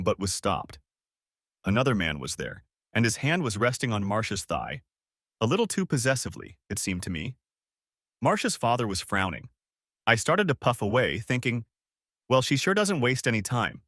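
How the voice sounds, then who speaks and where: A man narrating a first-person story as an audiobook, in an expressive storytelling way. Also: fairly low pitch, normal speed, dry recording, clean studio sound.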